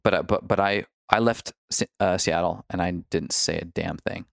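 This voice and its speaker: Deep gravelly man, candid and reflective. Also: steady tone, normal speed, no room sound, clean studio sound. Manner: reflective, candid, with frequent restarts and fillers. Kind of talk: candid personal storytelling.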